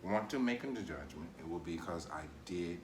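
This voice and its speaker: A man's voice: deep voice, expressive, normal speed, roomy sound, background noise. A man guesting on a casual food vlog, talking in a playful, dramatic way. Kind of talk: casual chat during a mukbang.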